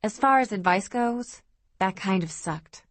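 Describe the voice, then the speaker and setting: A woman's voice: mid-range voice, lively intonation, unhurried, no echo, close to an everyday voice. A woman reading an audiobook voices a sarcastic, theatrical teenage girl. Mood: sardonic.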